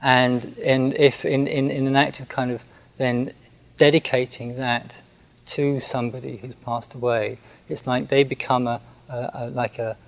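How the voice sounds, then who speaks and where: A man who is a Buddhist monk, recounting a personal story in a gentle, hesitant way with many restarts. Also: medium pitch, flat delivery, a little slow, gravelly, hardly any pauses, low-quality recording.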